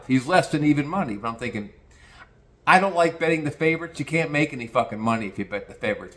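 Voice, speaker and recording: A man spinning a casual anecdote, rambling and peppered with swearing. He talks in an easy conversational way, circling back and restarting as he goes. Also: fairly high pitch. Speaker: storyteller.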